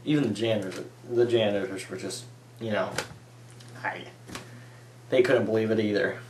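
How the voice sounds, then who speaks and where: A man's voice: on the low side, steady tone, normal speed, darkish tone, a little hiss or hum. A young man casually telling stories to the camera, rambling and saying "like" a lot. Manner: rambling, filler-heavy, says "like" a lot. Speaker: vlogger. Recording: echoey room.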